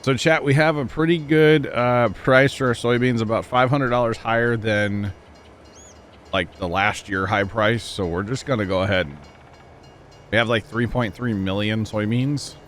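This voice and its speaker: A man's voice: medium pitch, normal speed, a bit bright, slight background noise. A young man hosting a gaming livestream, chatting casually and a bit ramblingly with friends and viewers from a cold room at home. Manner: laid-back, rambling, chatting with friends and chat. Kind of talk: casual chat with stream viewers.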